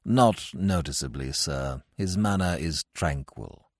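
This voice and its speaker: A man voicing an unflappable, formal English manservant who speaks gravely and deferentially. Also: very deep voice, lively intonation, slow pace, voice pushed down, full character voice.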